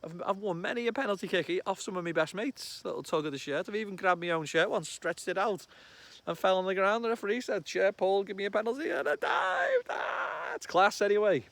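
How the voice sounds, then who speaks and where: A man in his thirties with a Liverpool accent, chatting excitedly outdoors about a football match, swearing and bursting into loud shouts. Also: high-pitched, brisk, gravelly, no room sound. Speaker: football fan vlogger. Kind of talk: casual match reaction vlog. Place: outdoors among trees.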